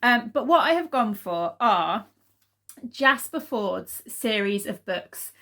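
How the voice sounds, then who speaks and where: A woman's voice: on the high side, expressive, slow, a bit bright. Chatty, rambling woman vlogging at home. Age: adult mother. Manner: rambling, chatty, with frequent ums and laughs. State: out of breath. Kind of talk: casual chat to camera.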